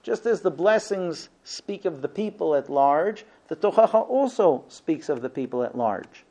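A man's voice: a little high, animated, moderate pace, dark tone. A man giving a Torah lesson, telling a story with many ums and uhs. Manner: hesitant, frequent ums and uhs. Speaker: Torah teacher. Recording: dull lo-fi recording.

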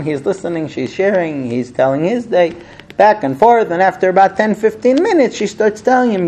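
A man's voice: high-pitched, normal speed. A man teaching a small group about marriage, telling a story and acting out husband and wife in turn. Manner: animated storyteller acting out both spouses. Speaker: speaker giving a class on marriage. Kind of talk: lively talk to a small group.

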